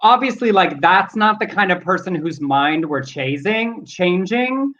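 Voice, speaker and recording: An earnest male co-host reads news items and reflects on them thoughtfully. His voice is bright and a touch high, heard through slightly muffled, lo-fi audio. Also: animated, a little slow. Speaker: talk show co-host. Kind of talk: casual news chat.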